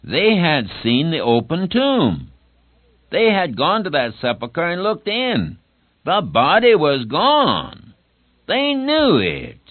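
A man preaching a sermon in an earnest, emphatic way, slowing down to press home key words. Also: fairly high pitch, no echo. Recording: dry, tinny phone-like old recording.

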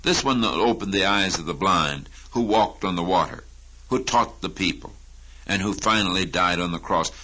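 Low-voiced man preaching a sermon. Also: pushed and bright, breathy edge, rough recording. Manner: deliberate Bible teaching, rising to emphatic high questions.

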